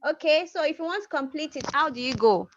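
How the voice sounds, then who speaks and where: A woman's voice: high voice, lively intonation, fast talker, a little hiss or hum. A woman teaching a language class over a video call, patiently repeating words and prompting her students. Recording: muffled video call audio.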